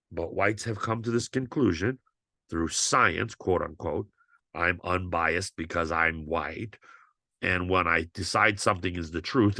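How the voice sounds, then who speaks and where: A male teacher delivers a fired-up lecture with a gravelly, rough-edged voice that sits fairly low. He talks bluntly and swears freely. The sound is close and dry. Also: fairly bright tone, dry recording. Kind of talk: lecture to students.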